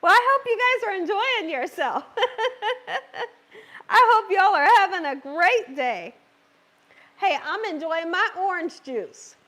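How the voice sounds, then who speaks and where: A woman with a hoarse, scratchy voice hosts a live cooking demonstration in her home kitchen. She talks in a chatty, reassuring way and keeps checking in with her viewers. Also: very high voice, animated, unhurried, pauses often, bright, forceful tone. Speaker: cooking channel host.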